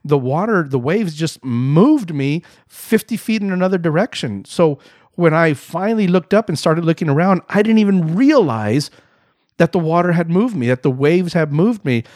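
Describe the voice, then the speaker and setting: Middle-aged male podcast host, animated self-mocking storyteller, close dry mic. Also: a little high, moderate pace, dry recording. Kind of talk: storytelling monologue.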